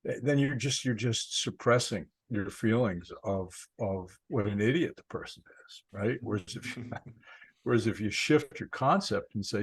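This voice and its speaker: A low, gravelly male voice with a husky edge, talking casually about spiritual practice. He tells stories in a loose, conversational way and often repeats words as he thinks. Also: moderate pace, poor audio. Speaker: spiritual teacher.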